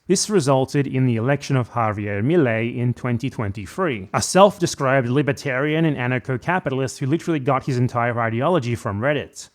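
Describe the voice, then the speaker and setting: A man narrating a scripted video essay in a critical, sardonic manner. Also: mid-range voice.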